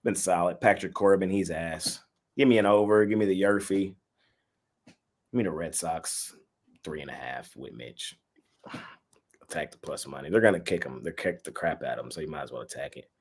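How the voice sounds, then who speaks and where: A man's voice: low voice, normal speed, slightly rough. A man co-hosting a live sports betting picks show, blunt and trash-talking as he gives his plays.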